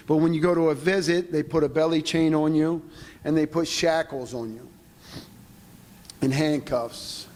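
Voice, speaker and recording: Man giving testimony in a reverberant hall. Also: on the high side. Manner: plain-spoken, halting storytelling. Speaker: conference speaker. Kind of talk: personal testimony talk.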